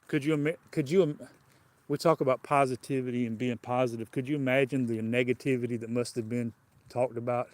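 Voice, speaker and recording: A man's voice: medium pitch, fairly even intonation, brisk, a little mellow, no echo. A man with a Southern US accent preaching a livestreamed sermon in a folksy, colloquial way, often repeating and restarting his phrases.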